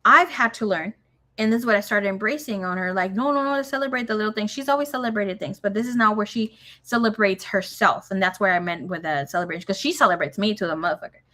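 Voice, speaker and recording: A woman's voice: medium pitch, quick pace, bright, forceful tone. A young woman giving a casual tarot reading, chatty and swearing freely, with Spanish phrases dropped into her talk. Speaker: tarot reader.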